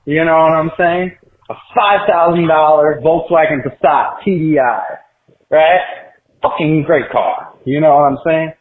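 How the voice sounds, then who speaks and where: Young male caller, boastful ranter, slightly high voice, heard through an echoey phone line. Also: unhurried. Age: 20s. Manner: boastful, ranting, keeps saying "you know what I'm saying". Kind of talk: casual rant.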